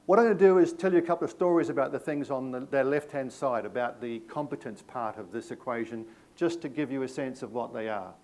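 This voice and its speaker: A man's voice: mid-range voice, a little fast, few pauses, darkish tone. New Zealand man presenting a workshop. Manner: conversational, anecdotal, self-deprecating humour. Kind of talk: live training session.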